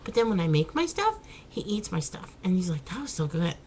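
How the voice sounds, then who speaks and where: A woman's voice: on the low side, sing-song, a little fast, a little mellow, a little hiss or hum, rough recording. A woman chatting casually in a home vlog, laughing and exclaiming as she talks. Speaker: vlogger. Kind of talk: casual chat.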